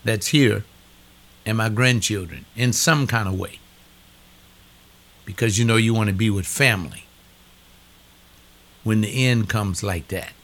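A man's voice: mid-range voice, fairly bright tone. An older man delivering a preaching monologue, emphatic, repeating phrases with a rising preacher's cadence.

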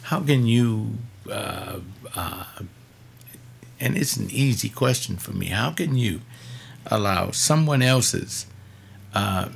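Low gravelly guy in church, husky, talks it through slow w/ lots of um and you know. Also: slight background noise. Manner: measured storytelling with fillers and repeats. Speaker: church speaker. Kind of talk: sermon-style reflection.

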